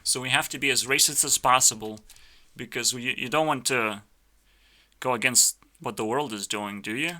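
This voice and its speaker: A man's voice: mid-range voice, normal speed, sharp tone. A man giving live reaction commentary as a YouTuber, ranting brashly and swearing in a mock-arrogant way. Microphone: headphones on, desk mic.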